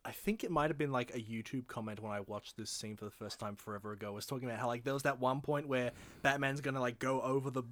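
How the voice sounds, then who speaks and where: A man in casual chat, relaxed and full of fillers, chuckling as he agrees. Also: mid-range voice, quick pace, hardly any pauses, dry recording. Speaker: podcast co-host.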